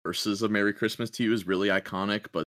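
A man's voice: lowish voice, steady tone, fast talker, fairly bright tone. A man in a casual group debate, hesitant and hedging, with lots of fillers.

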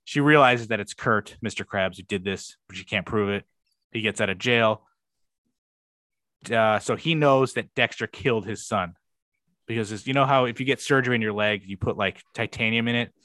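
A man's voice: on the low side, moderate pace, pushed and bright, no room sound. A young man co-hosting a podcast, rambling through a show recap in casual chat, swearing freely and acting out quoted lines. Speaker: podcast co-host.

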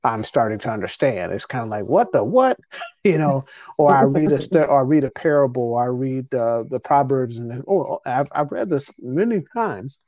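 A man's voice: mid-range voice, fairly quick, hardly any pauses, mellow, dry recording. A middle-aged man hosting a podcast, talking in a rambling, emotional way with frequent restarts. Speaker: podcast host. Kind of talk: casual conversation. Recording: dull lo-fi podcast audio.

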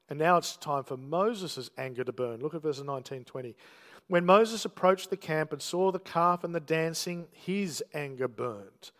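A man's voice: fairly high pitch, long reverb tail. A man preaching a sermon, telling the story with emphatic, dramatic delivery and quoted lines.

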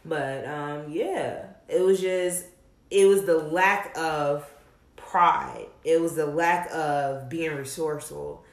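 A young woman with a fairly low voice talks candidly, cursing freely and telling stories with lively emphasis. The sound is roomy, with a noticeable echo around her. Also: slow pace, gravelly. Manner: blunt, profane, animated storytelling. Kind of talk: casual candid chat.

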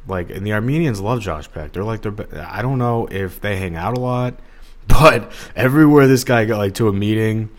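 A man's voice: fairly low pitch, lively intonation, moderate pace. A man hosting a solo podcast, talking in a rambling, digressive, casual way with lots of fillers. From Los Angeles area. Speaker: podcast host.

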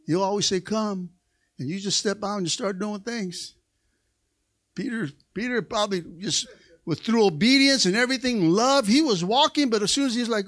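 A man preaching a Pentecostal sermon in a church. He calls for amens and rises to excited shouts. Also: high-pitched, moderate pace, long pauses. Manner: call-and-response preaching, asks for amens. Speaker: pastor. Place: church sanctuary.

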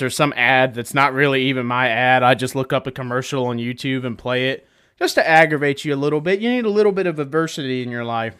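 A man's voice: medium pitch, fast, a bit bright, clear, resonant tone. A man hosting a podcast, ranting sarcastically and swearing constantly, with bursts of mocking voices. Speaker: podcast host. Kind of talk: profane comedic rant. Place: in a truck.

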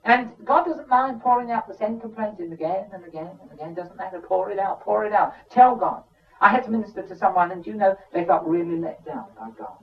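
A man's voice: sits high, a little fast. A man preaching a sermon in an emphatic, conversational way, with frequent asides to the listeners. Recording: dull sound from a distant mic.

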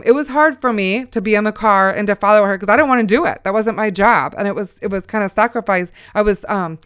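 A woman's voice: mid-range voice, fairly bright tone, smooth, no room sound, clean studio sound. A middle-aged woman, a mother, telling a faith story in an earnest, exhorting way. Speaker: mother sharing a faith testimony. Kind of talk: Christian storytelling talk.

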